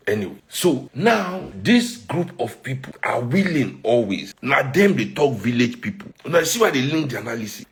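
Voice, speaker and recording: Animated Nigerian man ranting. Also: mid-range voice. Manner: rhetorical, heated, emphatic. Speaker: commentator. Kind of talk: heated social commentary.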